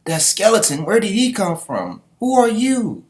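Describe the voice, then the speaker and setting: A man's voice: wildly swooping pitch, measured pace. A man voicing a wide-eyed young mermaid girl in a raised voice. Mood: startled. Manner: high, startled.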